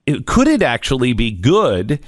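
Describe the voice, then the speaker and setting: A man's voice: mid-range voice, huge pitch swings, normal speed, dry recording, studio quality. A man hosting a talk radio show, chatting animatedly and stumbling over restarts. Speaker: radio host. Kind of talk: casual talk radio chat.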